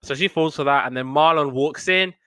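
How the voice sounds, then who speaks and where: A man's voice: a little high, pushed and bright, clear, resonant tone, dry recording. A young man casually recapping a sitcom episode as a podcast host, rambling with lots of fillers. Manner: chatty, loose retelling with many fillers and quick laughs. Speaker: podcast host reviewing TV shows.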